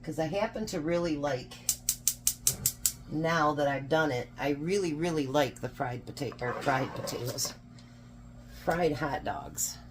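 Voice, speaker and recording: A woman's voice: low voice, moderate pace, noisy background. A woman chatting casually while cooking supper at home, joking about herself as she goes. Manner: chatty, self-deprecating, laughs at herself. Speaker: cooking vlogger. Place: home kitchen.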